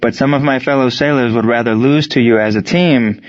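A man voicing a proud German prisoner of war who speaks in stiff, formal, measured phrases. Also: mid-range voice, dry recording, close to an everyday voice. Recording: dry, dull lo-fi sound.

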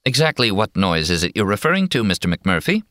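A man's voice: on the low side, very animated, fairly quick, a bit bright, no room sound, clean studio sound, voice pushed up. A man voicing a prim, over-educated male patient who speaks in precise, genteel, faintly mocking phrases in an audiobook. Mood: condescending.

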